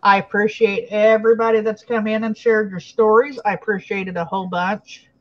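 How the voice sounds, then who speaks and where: A woman's voice: medium pitch, little pitch movement, brisk. A woman hosting a casual livestream, chatting and thanking viewers by name. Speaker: livestream host. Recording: lo-fi stream audio.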